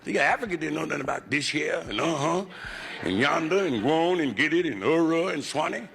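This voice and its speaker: Brief: male comic with a gravelly, lively voice, live club recording with hiss. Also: on the high side, fairly quick. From United States. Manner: crude, gravelly, conversational. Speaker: stand-up comedian. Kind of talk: raunchy stand-up routine. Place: nightclub stage before a live audience.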